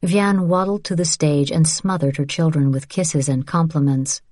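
A woman reads a novel aloud in a calm, even narration, her voice low and mellow. The recording is dry and close, with no room sound at all. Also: normal speed, no echo. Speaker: audiobook narrator. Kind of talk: scripted audiobook narration.

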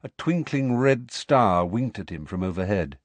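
A man narrating a storybook in an expressive, varied scripted reading. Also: on the low side, measured pace, no echo. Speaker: audiobook narrator.

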